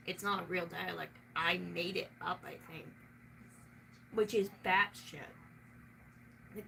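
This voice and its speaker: A woman's voice: fairly low pitch, a bit bright. A woman with a Southern US accent, chatting casually in a rambling way and swearing often. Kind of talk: casual chat. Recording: noisy room, mic at a distance.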